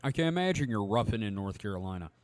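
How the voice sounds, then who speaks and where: Fast and full of big pitch swings, this lowish male voice belongs to a podcast co-host with a cough. He rambles casually, reads news stories, swears without restraint and mocks himself.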